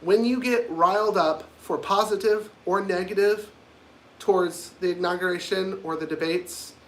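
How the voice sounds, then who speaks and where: A man's voice: high voice, moderate pace. A man hosting his own livestream, talking casually in a blunt, rambling and provocative way. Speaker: livestream host.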